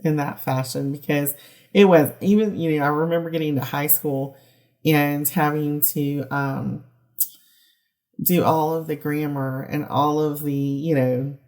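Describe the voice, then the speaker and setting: Low-voiced woman hosting an interview. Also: steady tone, unhurried. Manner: warm, encouraging listener who laughs along. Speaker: podcast host. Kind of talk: casual interview.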